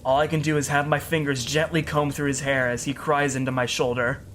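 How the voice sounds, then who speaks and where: A man's voice: medium pitch, little pitch movement, fairly quick, fairly bright tone. A man giving an earnest, emotional first-person story narration as a storyteller.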